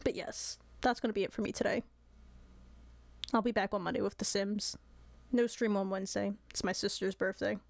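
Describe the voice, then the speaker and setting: A woman's voice: mid-range voice, fairly even intonation, normal speed, gravelly, dry recording. Woman streamer, casual chat, laughs often, dry close sound. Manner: giggly, apologetic, chatty.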